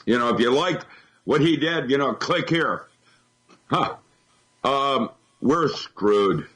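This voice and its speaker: A man's voice: mid-range voice, expressive, slow, fairly bright tone, husky, low-quality recording. Alarmed male radio guest, emphatic. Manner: alarmed, emphatic, repeats himself when searching for words. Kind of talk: talk radio interview.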